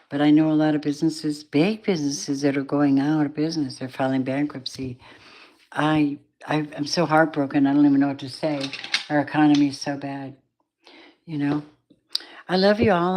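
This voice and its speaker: A woman with a low voice gives a live tarot reading late at night. She sounds tired and drowsy. She rambles warmly and calls her viewers babies and darlings. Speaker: tarot reader.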